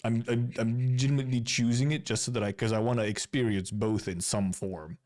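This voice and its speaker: A Finnish man with a mid-range, slightly mellow voice keeps a steady tone and a fairly quick pace. The streamer, from Finland, casually chats through game content in live-stream commentary, rambling and restarting his words.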